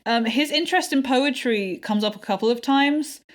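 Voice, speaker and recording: Excitable woman podcaster, fairly high voice. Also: moderate pace. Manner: enthusiastic, laughing, swearing freely. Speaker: podcast co-host. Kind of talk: casual chat.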